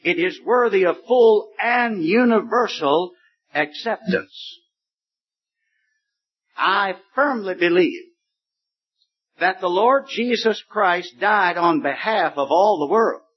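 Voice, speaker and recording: A man preaching a sermon, slow and deliberate, stretching words for emphasis. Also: sits high, slightly rough. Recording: dull lo-fi recording.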